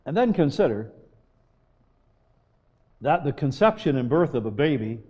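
A man preaching a sermon, slow and emphatic, with long pauses. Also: mid-range voice, warm tone. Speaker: pastor.

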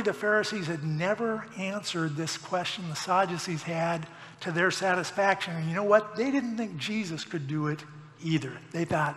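A man's voice: sits high, fairly bright tone, in a large hall. A middle-aged man preaching a sermon as pastor, with folksy joking asides.

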